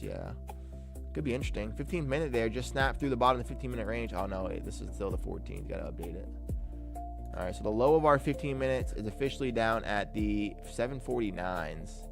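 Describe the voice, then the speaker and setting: A man's voice: fairly low pitch, gravelly. A man giving live trading commentary, hyped and slangy. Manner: hyped, slangy market talk. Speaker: day trader.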